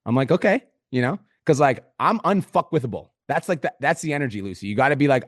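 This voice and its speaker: A man's voice: mid-range voice, sing-song, fast talker, dry recording, clean studio sound. Profane, fired-up male business coach. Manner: profane, pumped-up motivational talk with sudden loud outbursts. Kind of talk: group coaching call.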